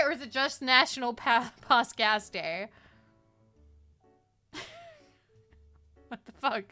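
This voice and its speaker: A woman's voice: high voice, bright, forceful tone. A woman streaming a game, chatting casually, giggling often and swearing freely. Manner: giggly, swears a lot, bursts into shrieking laughter. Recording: faint music behind.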